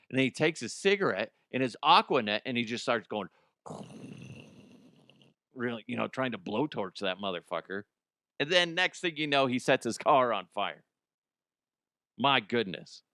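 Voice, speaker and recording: A man from the United States hosts a comedy news show, rambling through stories with casual swearing and laughing at his own jokes. His voice is smooth and resonant in a mid register. The sound is dry and close, with no room echo. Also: mid-range voice, sharp tone.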